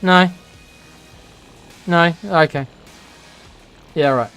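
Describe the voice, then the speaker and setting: A man in his forties talks through his strategy game as he plays, griping and sarcastic whenever a shot goes wrong. His voice sits high for a man, with faint game music under it. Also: drawn-out words, fairly bright tone, clear, resonant tone. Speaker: gaming channel host. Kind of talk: let's-play commentary.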